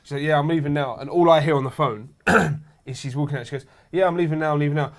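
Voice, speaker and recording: A man's voice: on the high side, fast. A young man telling rowdy anecdotes in casual chat, swearing freely and laughing as he goes. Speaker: show regular.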